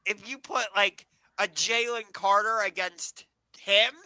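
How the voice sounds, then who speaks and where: A man with a high, sharply bright voice recorded dry and close. He co-hosts a casual sports podcast, hedging with frequent ums and tossing questions back to his partner. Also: steady tone, slow, smooth, no room sound, rough recording. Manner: hesitant, many ums, questioning. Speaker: podcast co-host.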